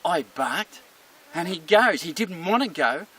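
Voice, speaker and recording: A man's voice: on the high side, expressive, unhurried, background noise. A man voicing a smug, territorial male pet dog with a gloating, self-satisfied manner, recorded on a distant mic.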